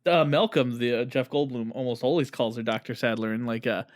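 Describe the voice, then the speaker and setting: A man's voice: mid-range voice, steady tone, brisk, no room sound, clean studio sound. A man co-hosting a podcast in casual chat, rambling and hesitant at times. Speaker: podcast co-host.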